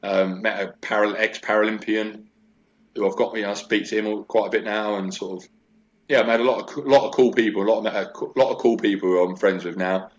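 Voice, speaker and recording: Low-voiced chatty man telling stories. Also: quick pace, highs cut off. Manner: chatty, animated storytelling with many fillers. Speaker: guest. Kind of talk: casual interview chat.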